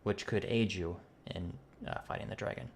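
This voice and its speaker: A man running a tabletop game as game master, talking in a halting way with many fillers and restarts, with a cough. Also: fairly low pitch, steady tone, gravelly, a little mellow, a little hiss or hum.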